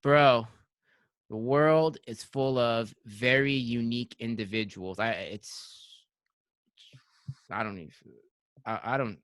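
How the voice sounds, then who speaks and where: A man's voice: medium pitch, slow pace, pauses often, fairly bright tone, clear, resonant tone, no echo. A man hosting a podcast, telling stories in casual chat with lots of filler words. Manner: rambling storyteller, heavy filler words. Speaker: podcast host.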